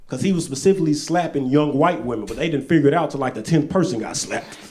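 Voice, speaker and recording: A stand-up comedian from Arkansas, telling loose stories on stage into a handheld mic, jumping between loud bursts and low asides. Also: male voice, quick pace, slight background noise.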